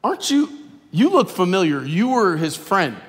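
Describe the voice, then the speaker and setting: A man voicing a suspicious bystander who accuses someone in a high, loud voice. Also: wildly swooping pitch, a little slow. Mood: accusing. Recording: echoey reverb of a large hall.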